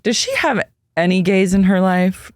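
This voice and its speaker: A man's voice: high-pitched, no room sound, clean studio sound. A young man co-hosting a podcast, trading jokes in a comedic reality show recap. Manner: quick, joking, plays along with exaggerated impressions. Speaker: podcast co-host.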